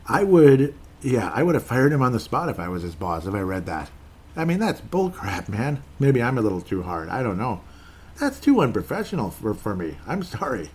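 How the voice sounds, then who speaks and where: A man's voice: fairly low pitch, big pitch swings, fairly quick, a little mellow, slight background noise. A man hosting a solo sports podcast, rambling and opinionated, often cutting himself off mid-sentence. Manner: rambling, opinionated, self-interrupting. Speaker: podcast host. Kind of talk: casual solo podcast chat.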